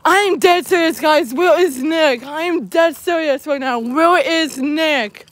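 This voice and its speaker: A high-pitched woman vlogs as she walks alone outdoors. Her talk is jittery and rambling, packed with repeats of "you guys." The sound is dry and close, with hardly any room in it. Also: a little slow, dry recording. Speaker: vlogger. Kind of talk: walking vlog talking to viewers.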